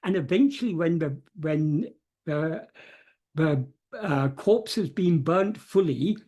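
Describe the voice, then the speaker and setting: A man on a video call explaining a spiritual text carefully, pausing often with fillers and restarts. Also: fairly high pitch, expressive, warm tone, husky. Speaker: teacher of spiritual texts. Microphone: computer mic on a video call.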